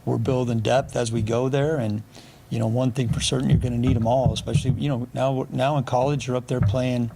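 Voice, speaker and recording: A middle-aged man coaching football speaks to the press with a gravelly edge. He is blunt and dry and answers with a sarcastic streak. Faint background noise hangs under his voice. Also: mid-range voice, flat delivery, fairly quick, mellow. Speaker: football offensive coordinator.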